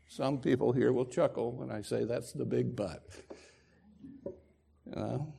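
A man preaching a sermon to a congregation, emphatic and deliberate with dramatic pauses. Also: mid-range voice, gravelly, mellow, slightly rough. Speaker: pastor. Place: church sanctuary with congregation.

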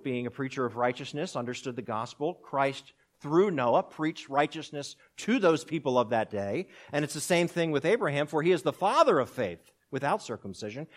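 A man preaching a sermon, building drama as he quotes and answers rhetorical questions. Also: medium pitch. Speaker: pastor.

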